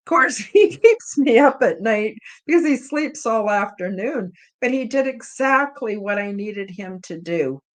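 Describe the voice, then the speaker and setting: A woman's voice: on the high side, animated, measured pace, hardly any pauses. A woman hosting a podcast live chat, telling a personal story in a casual, rambling, openly emotional way with many fillers. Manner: rambling and heartfelt, many "you know" fillers. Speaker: podcast host.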